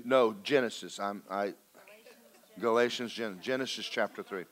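A man preaching a sermon, folksy and joking, slowing down to stress his points. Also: fairly low pitch, a bit bright. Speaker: pastor.

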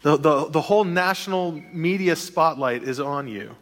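A man delivers a sermon with lively emphasis and the odd joking aside. His voice sits a little high for a man. It rings out with a long reverb, as in a large church hall. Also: normal speed. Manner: animated preaching with a joking aside. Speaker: pastor.

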